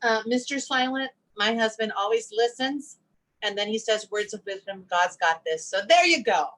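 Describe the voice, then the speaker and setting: A middle-aged woman telling family stories as a podcast guest, animated and acting out the quotes as she goes. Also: on the high side, normal speed, poor audio. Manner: animated storyteller, acts out quotes. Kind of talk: casual interview chat.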